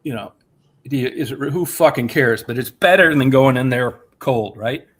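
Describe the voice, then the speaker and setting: A man's voice: mid-range voice, moderate pace, fairly bright tone. A man telling a heated, profane story in casual chat as the host.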